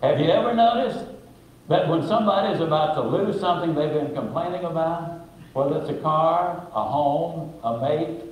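A high-pitched man spins a folksy, emphatic story with plenty of humor. His voice swims in heavy echo, as if a video is playing through speakers in a large hall. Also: normal speed, lo-fi sound. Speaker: motivational speaker. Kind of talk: storytelling talk. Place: video played in a church. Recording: very echoey video played in a hall.

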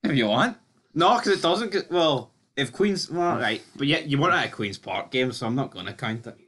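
A man's voice: mid-range voice, expressive, a little fast, fairly bright tone. A Scottish man co-hosting a football show, bantering and teasing his co-host in casual chat.

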